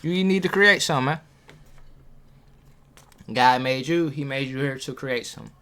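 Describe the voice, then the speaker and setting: A man giving a casual motivational talk to viewers. He uses street slang, asks them questions and gets hyped, with big jumps in pitch. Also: normal speed, bright, forceful tone, clean tone. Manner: talks straight to viewers, asking questions. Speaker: motivational vlogger.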